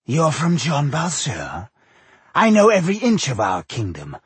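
A man voicing a malicious, cold male elf warrior who speaks slowly, softly and menacingly in an audiobook. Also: a little high, huge pitch swings, slightly rough, no echo, voice pushed up, heavily acted. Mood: coldly mocking. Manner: slow, soft and menacing.

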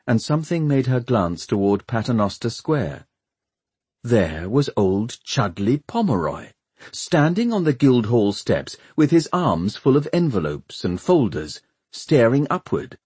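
An audiobook narrator with a husky, mid-range voice reads a scripted story in a measured, expressive way. There is no room sound.

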